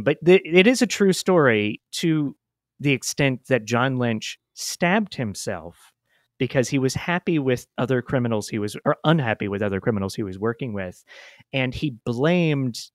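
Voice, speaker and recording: A man's voice: mid-range voice, no echo, clean studio sound. A man with a Midwestern American accent, hosting and telling a true story in a chatty, self-deprecating way. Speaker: podcast host. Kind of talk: casual storytelling chat.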